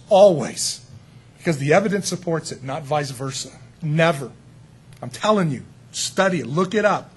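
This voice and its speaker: A male preacher with a high, husky voice. He preaches a sermon in a lively, conversational way and keeps turning to his listeners with asides.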